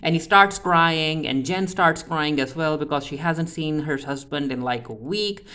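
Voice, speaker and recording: A man's voice: on the high side, a little slow, pushed and bright, clear, resonant tone. A man giving a casual, chatty recap of a TV episode, often restarting with "uh" fillers. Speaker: TV recap reviewer.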